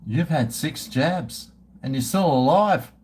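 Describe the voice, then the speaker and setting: Slow, rambling man. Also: a little high, expressive, a little mellow, a little hiss or hum. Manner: rambling and profane. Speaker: livestream host. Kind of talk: casual chat with viewers.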